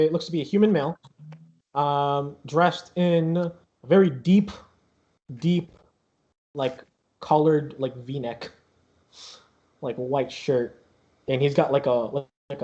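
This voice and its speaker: A man's voice: medium pitch, mellow, highs cut off. A man narrating as game master of a tabletop game, rambling with many fillers.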